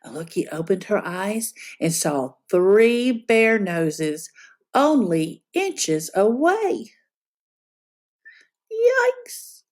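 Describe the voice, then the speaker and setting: A woman reading a picture book aloud to children, telling it as an expressive storyteller. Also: mid-range voice, slow.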